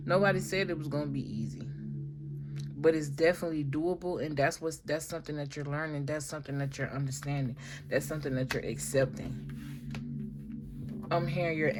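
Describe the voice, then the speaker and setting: A woman's voice: deep voice, background noise. A woman giving a casual tarot reading, talking in a slangy, emphatic way and swearing freely. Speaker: tarot reader.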